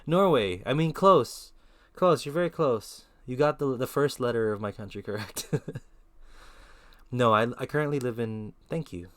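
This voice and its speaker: A man's voice: mid-range voice, normal speed. A man in his twenties from the Philippines, chatting casually and slangily on a live stream through a headset. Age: 20s. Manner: laid-back, slangy, chatty.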